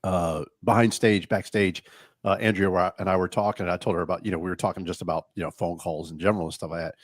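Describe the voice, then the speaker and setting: A man's voice: sits low, fairly even intonation, quick pace, no room sound, studio quality. A man hosting a radio talk show, chatting casually and joking around by acting out silly phone calls.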